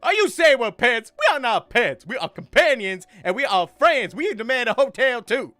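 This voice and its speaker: A man voicing a small, proud talking pet who is squeaky and offended. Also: very animated, normal speed, bright, forceful tone, no echo, faint music behind, heavily acted.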